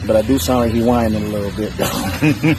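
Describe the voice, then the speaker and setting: A man's voice: fairly low pitch, a little fast. A man delivering a profane, boastful, defiant trash-talk rant straight to the camera. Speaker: challenger in a strength feud. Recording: music playing under the voice.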